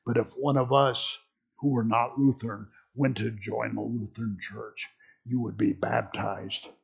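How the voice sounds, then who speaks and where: A man's voice: medium pitch, flat delivery, measured pace, creaky, husky. A man teaching a church history class in a conversational lecture style, full of fillers and restarts.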